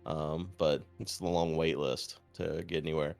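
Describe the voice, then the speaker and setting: Deep-voiced man telling a story. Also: normal speed, vocal fry, soft background music. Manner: storytelling, acts out quotes; profane, deadpan. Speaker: streamer. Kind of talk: casual chat.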